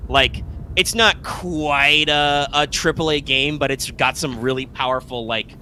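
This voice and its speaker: A man's voice: on the high side, steady tone, measured pace, pushed and bright, a little hiss or hum. A man co-hosting a live gaming stream, chatting casually and rambling with lots of fillers, restarts and swearing. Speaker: co-host.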